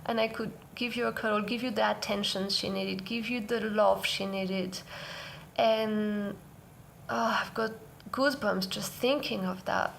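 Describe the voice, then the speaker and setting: A woman vlogger sharing a personal parenting story in an earnest, soft-spoken, reflective way. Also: medium pitch, steady tone, measured pace, gravelly, slight background noise. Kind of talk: heartfelt personal sharing to camera.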